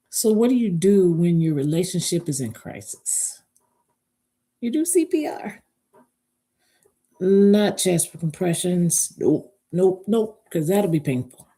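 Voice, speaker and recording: A woman's voice: on the low side, gravelly, mellow, breathy edge. A woman speaking as a relationship speaker in a live motivational talk. She talks emphatically, spells out key words letter by letter, and asks listeners to repeat after her.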